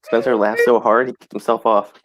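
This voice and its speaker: A man's voice: medium pitch, level tone, brisk. A man joking and laughing in a casual group chat.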